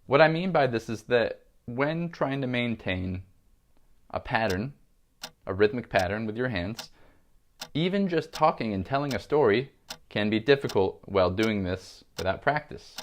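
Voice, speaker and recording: A man teaching a music lesson, calmly explaining and counting beats aloud. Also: medium pitch, normal speed. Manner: calm, steady instruction, counting beats aloud.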